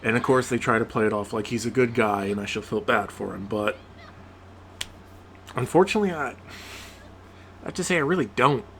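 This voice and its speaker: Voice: medium pitch, fairly quick, long pauses, slight background noise. A gaming commentator in a profane, exasperated rant about a game, with frequent outbursts of rising disbelief.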